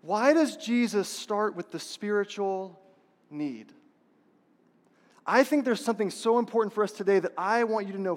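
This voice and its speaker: A man preaching a sermon as a pastor, passionate and repetitive, asking the congregation rhetorical questions. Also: high-pitched. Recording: long reverb of a large hall.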